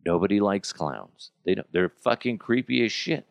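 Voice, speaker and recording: Gravelly, profane podcast host. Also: male voice, lowish voice, lively intonation, moderate pace, dry recording. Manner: blunt, profane ranting; swings between loud outbursts and mutters. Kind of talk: casual chat.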